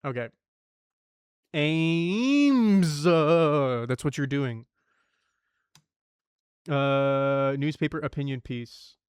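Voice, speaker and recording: Young guy slowly mumbling his way thru word puzzles, swears a lot, smooth clear voice, dry close sound. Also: medium pitch, fairly even intonation, dry recording. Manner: thinks aloud, swears, mutters clues to himself. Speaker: streamer. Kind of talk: casual puzzle-solving stream.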